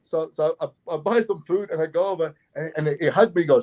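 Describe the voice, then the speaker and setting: A middle-aged Australian man spins a rambling road-trip yarn for an interview, his voice sitting a little higher than most men's. He restarts and repeats phrases as he goes and chuckles through the funny parts. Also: brisk, hardly any pauses, muffled recording. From Doomadgee, Queensland, Australia. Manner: animated, repeats phrases, chuckles mid-story. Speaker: guest actor and festival promoter. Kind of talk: anecdotal storytelling in an interview.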